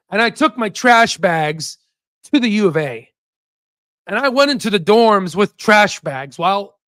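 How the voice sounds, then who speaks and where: A man's voice: high voice, a bit bright, clean tone, no room sound. A young man, the host of an investing channel, tells a candid personal story to camera. He is choked up and close to tears, and he rambles and halts with many restarts.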